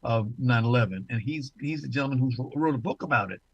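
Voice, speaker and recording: A man's voice: mid-range voice, fairly quick, breathy edge, no room sound, dull audio. An older man hosting a talk show, with a showman-like announcer delivery and playful asides to his guests. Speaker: host.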